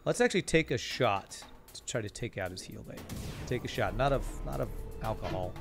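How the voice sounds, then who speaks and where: A man's voice: fairly low pitch, animated, fairly quick, creaky, faint music behind. A man streaming a strategy game live, talking casually through his moves and reading out and answering viewer chat. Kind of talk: live gameplay commentary.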